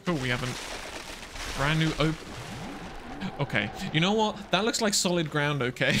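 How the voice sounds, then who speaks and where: A man streaming a video game, rambling and quick to laugh and exclaim as he plays. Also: a little high, expressive, background noise. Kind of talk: casual live gameplay commentary.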